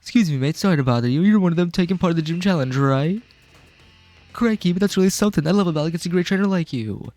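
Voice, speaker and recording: An eager young male fan gushes in a put-on British accent, chummy and quick, as a man voices him. The voice sits well above the speaker's own and rushes along. He sounds like a cheerful video game townsperson. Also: sits high, a little mellow, soft background music, pitched above the performer's own voice, lightly acted. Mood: excited.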